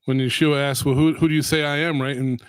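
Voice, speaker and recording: A married man joining a church Bible study discussion, joking and chiming in with quick affirmations. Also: medium pitch, fairly even intonation, smooth, no room sound. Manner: joking, frequent affirming interjections.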